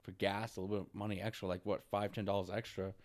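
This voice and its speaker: A man with a somewhat low voice vents in a rambling vlog monologue. He is exasperated and repetitive. He swears in nearly every line and keeps tacking "dude" onto his sentences. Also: little pitch movement, quick pace, a little mellow. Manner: frustrated ranting, heavy swearing, repeats "dude". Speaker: vlogger. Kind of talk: venting monologue.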